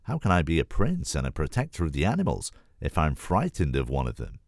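A man's voice: rumbling low, huge pitch swings, a little fast, a little mellow, no room sound, clean studio sound, full character voice. A man voicing a thoughtful young male gorilla prince in a storybook reading. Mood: earnest. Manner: earnest, self-doubting.

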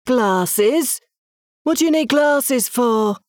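A woman's voice: high voice, expressive, very slow, a little mellow, dry recording, clean studio sound, voice pushed up, heavily acted. A woman voicing a puzzled, short-sighted male rhino who mumbles to himself, in a storybook reading.

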